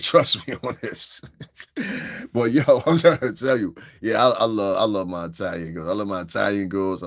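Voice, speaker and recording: A man's voice: fairly low pitch, dry recording, studio quality. A man giving crude, rambling, unscripted commentary, laughing often between points. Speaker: commentary streamer.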